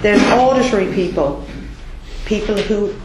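A woman's voice: mid-range voice, unhurried, very noisy. Emphatic Irish woman trainer, roomy sound. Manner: lively, emphatic, frequent "okay?" checks. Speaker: debt collection trainer. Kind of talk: classroom training talk. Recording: roomy echo.

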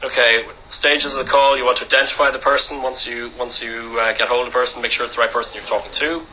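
A man giving a training lecture to a class. He talks loudly and briskly, checking in with "okay?" after nearly every point. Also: medium pitch, flat delivery, slight background noise, rough recording. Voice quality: loud voice. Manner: brisk, peppers lines with "okay?".

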